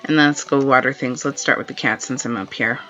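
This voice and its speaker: A woman streaming a game live, chatting in a relaxed way and laughing often as she plays, with dull lo-fi stream audio and faint game music behind her. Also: a bass voice, a little fast. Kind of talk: live gameplay commentary.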